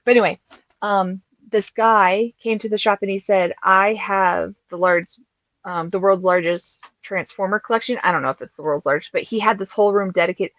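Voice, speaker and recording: A woman's voice: mid-range voice, fairly even intonation, moderate pace, a bit bright, dry recording. Chatty woman on a dull, dry mic. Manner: chatty and emphatic. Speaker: streamer host. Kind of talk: casual chat.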